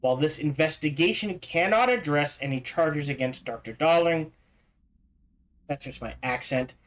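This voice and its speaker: A man livestreaming a game, reading in-game documents aloud quickly, stumbling over words and restarting, with casual asides in between. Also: on the high side, a bit bright, rough recording. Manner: reads fast, stumbles and restarts, adds asides. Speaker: streamer.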